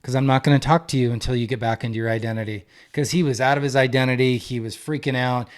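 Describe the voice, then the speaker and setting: A marriage coach and podcast co-host in his thirties gives a sincere, emphatic faith-based talk, repeating key phrases to add weight. His voice is mid-range with fairly even intonation, and he talks fast.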